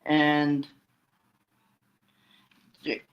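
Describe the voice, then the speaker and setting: A man's voice: fairly high pitch, completely flat delivery, drawn-out words, muffled recording. A man giving a casual solo recap, rambling along with frequent restarts and fillers. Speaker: wrestling fan recapping storylines.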